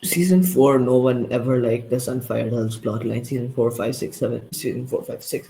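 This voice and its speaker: A man's voice: mid-range voice, fairly even intonation, normal speed, creaky, hardly any pauses, dark tone, a little hiss or hum, rough recording. A young man co-hosting a casual review chat, ranting in a sarcastic, exasperated way. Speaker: co-host reviewer.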